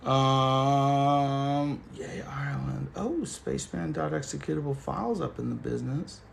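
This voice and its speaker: A man's voice: mid-range voice, measured pace, gravelly, a little hiss or hum. A man hosting a casual livestream, chatting loosely and joking while reading comments. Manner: laid-back, joking, chatty. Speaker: livestream host.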